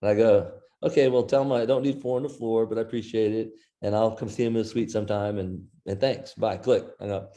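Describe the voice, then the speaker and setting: A middle-aged man from Iowa, guesting on a business interview show, spins a long personal anecdote. His voice sits a little low with a mellow, relaxed tone. He acts out what everyone said in his own voice. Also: brisk, few pauses. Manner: animated anecdote teller, quoting others in his own voice. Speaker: guest author. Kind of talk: storytelling in an interview.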